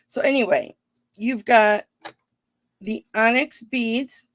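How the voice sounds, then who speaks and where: A woman hosting a live online jewelry auction, chatting playfully with her viewers and thinking out loud. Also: fairly high pitch, takes it slowly, gravelly, pauses often, no echo. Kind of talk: casual live-stream auction patter.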